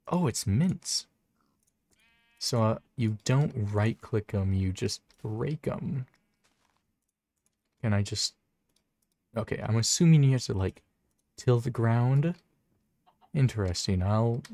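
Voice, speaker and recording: A man's voice: mid-range voice, gravelly, a little mellow, dry recording. A man giving casual, rambling commentary over his own gameplay, often stammering and restarting his sentences. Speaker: gaming YouTuber.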